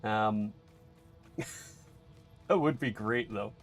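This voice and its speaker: A man's voice: lowish voice, extremely slow. A man with a Scottish accent, casually chatting and swearing while streaming a game and answering viewer chat. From Scotland. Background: game music.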